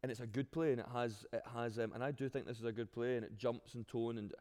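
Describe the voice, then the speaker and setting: Glaswegian man, actor in interview, lively, stumbling restarts, long hall reverb. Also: medium pitch, quick pace. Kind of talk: interview answers.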